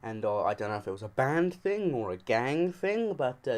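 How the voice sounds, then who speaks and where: A man's voice: mid-range voice, very animated, normal speed, darkish tone. A man casually telling a funny story on his video channel, cursing freely and acting out what people said. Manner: joking, profane, acts out quoted lines.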